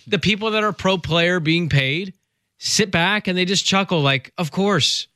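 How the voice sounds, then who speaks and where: A man co-hosting a sports talk show, his voice bright and forward. He speaks in a casual, opinionated way, restarting phrases as he goes. The sound is dry and close, with no room around it. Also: high-pitched, dry recording. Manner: conversational, opinionated, quick restarts. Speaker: sports radio co-host.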